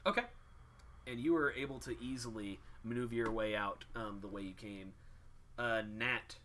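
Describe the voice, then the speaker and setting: Bright-voiced casual game master. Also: male voice, lowish voice, normal speed, a little hiss or hum. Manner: casual, lots of ums and uhs. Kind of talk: narrating a tabletop game.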